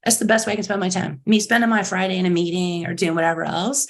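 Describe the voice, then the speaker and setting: Middle-aged woman, executive guest, animated and upbeat, slips into bright voices to quote people. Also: lowish voice, fast talker. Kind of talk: animated interview storytelling.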